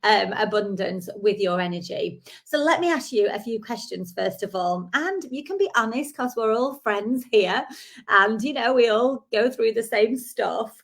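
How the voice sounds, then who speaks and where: A woman's voice: medium pitch, expressive, moderate pace, creaky. Chatty woman coaching live. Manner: chatty and encouraging, with frequent fillers. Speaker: life and business coach. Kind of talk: live-streamed coaching talk to viewers.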